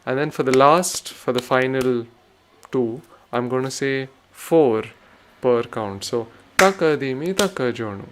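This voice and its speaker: A man at an ordinary mid pitch teaches rhythm, talking it through patiently and breaking into chanted counting syllables. A faint hiss sits under the recording. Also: fairly even intonation, slow. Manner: explains patiently, recites rhythm syllables aloud. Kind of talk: spoken music lesson with chanted syllables.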